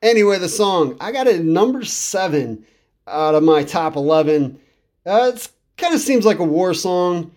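A man's voice: high voice, sing-song, moderate pace, a little mellow. A man with a slightly raised voice talks casually as a podcast host. He rambles with enthusiasm and repeats words for emphasis, as in an easygoing music review monologue.

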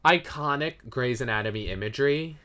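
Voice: mid-range voice, fairly quick. A young adult co-hosting a casual podcast, talking over a TV episode, enthusiastic and swearing freely. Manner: enthusiastic, swears, lively agreement. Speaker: podcast co-host. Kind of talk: casual TV recap chat.

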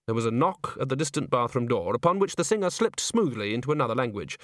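A man's voice: mid-range voice, lively intonation, fast talker, hardly any pauses, a bit bright, dry recording, studio quality. Man narrating a wry comic story. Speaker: audiobook narrator. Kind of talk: scripted narration.

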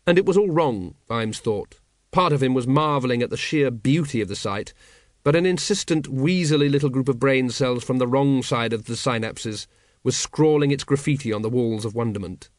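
A man narrating a comic fantasy audiobook in a wry, expressive storytelling manner. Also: mid-range voice, moderate pace, no room sound, studio quality. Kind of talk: scripted narration.

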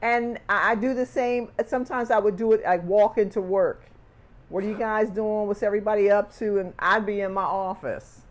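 A woman's voice: mid-range voice, moderate pace. A woman in casual conversation, telling stories and acting out the people she quotes. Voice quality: animated storyteller acting out quoted voices. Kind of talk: casual chat.

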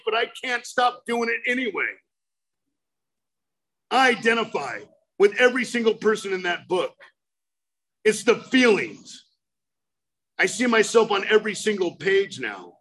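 High bright-voiced guy sharing his recovery story, gets loud and punchy, tells it like a yarn. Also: poor audio. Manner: emphatic, storytelling, swings to loud outbursts. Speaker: recovery speaker. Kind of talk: personal recovery talk.

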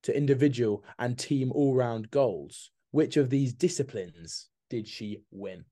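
In relaxed podcast banter, a male co-host reads quiz questions aloud and teases, laughing frequently. He talks a little slowly in a warm, medium-pitched voice.

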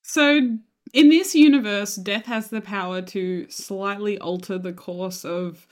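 Woman co-host, medium voice, relaxed musing podcast chatter. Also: mid-range voice, measured pace. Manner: chatty, musing aloud, agreeable. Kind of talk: casual fan podcast chat.

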